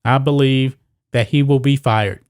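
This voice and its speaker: A man's voice: mid-range voice, steady tone, unhurried, smooth, no echo. Man giving solo sports commentary, dry sound. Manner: talks straight to viewers, reads news quotes aloud.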